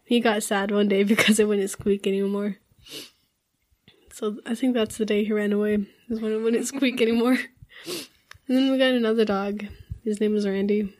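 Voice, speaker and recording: A woman's voice: medium pitch, level tone, moderate pace, a little mellow. A young woman chatting casually in a group. She rambles through personal stories with lots of fillers. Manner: rambling, many fillers, laughs often. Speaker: group chat participant.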